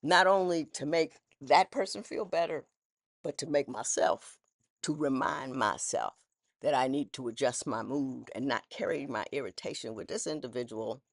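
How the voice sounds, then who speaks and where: A former judge, a woman with an extremely low-pitched voice, talks at normal speed with lively intonation. Her casual, candid monologue of personal reflections rambles and restarts, full of folksy phrasing. The recording is dry and studio quality.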